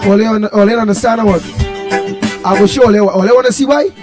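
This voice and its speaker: A Trinidadian man co-hosting a live show, calling out greetings to viewers in an animated, half-singing way. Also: sits high, a little fast. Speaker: co-host. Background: music playing.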